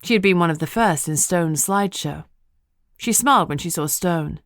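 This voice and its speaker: Woman narrator, first-person audiobook, wry, even, lower voice, dry close recording. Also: normal speed, dry recording.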